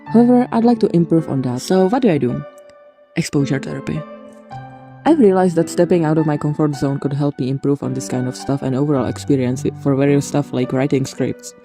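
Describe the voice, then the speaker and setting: Raspy, feverish, coughing, casual devlog chat, rambling, self-deprecating, mid pitch, music in the background. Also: brisk, dark tone. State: has a fever. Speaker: devlog creator.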